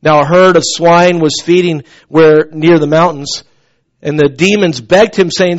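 A man preaching a sermon as pastor, in a conversational, animated storytelling way. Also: a little high, unhurried, dull audio.

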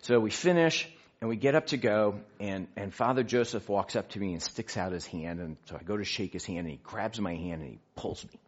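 A man telling a personal story in an animated way, acting out the quotes. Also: on the low side, a little fast, hardly any pauses. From United States. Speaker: speaker sharing a faith story. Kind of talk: storytelling talk. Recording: dull lo-fi recording.

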